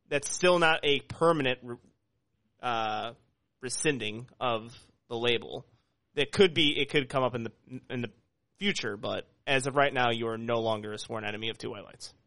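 A man's voice: mid-range voice, fairly even intonation, normal speed, a bit bright, dry recording. Nasal-voiced man hosting a podcast. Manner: rambling, joking, lots of restarts. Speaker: podcast host. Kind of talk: casual podcast chat.

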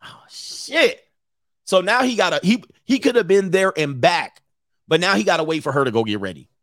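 A man's voice: high voice, animated, fast, fairly bright tone, no echo, studio quality. A middle-aged man, a dating coach, doing slangy, joking live reaction commentary with laughing asides.

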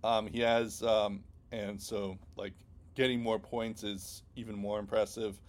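A man's voice: on the low side, level tone, a little slow. A man co-hosting a casual sports podcast, rambling with many ums and restarts. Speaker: podcast co-host.

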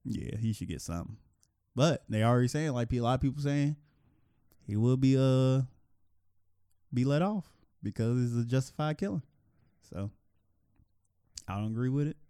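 Animated man chatting casually on a podcast. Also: medium pitch, normal speed, pauses often, clear, resonant tone, no room sound, studio quality. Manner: animated, repeats himself, restarts often. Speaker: podcast co-host.

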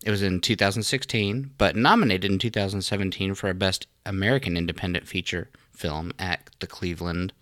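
Deep-voiced man co-host, dry room. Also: fairly even intonation, a little fast, few pauses, fairly bright tone, dry recording. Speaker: podcast co-host. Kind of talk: casual chat.

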